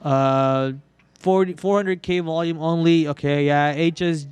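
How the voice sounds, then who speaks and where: A young man runs a live trading stream in a casual, joking way, groaning theatrically over his losses. His voice is smooth and sits a little high. The sound is dry and close to the mic. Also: fairly even intonation, unhurried, darkish tone, no echo. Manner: joking, melodramatic whining about losses. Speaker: trading livestream host.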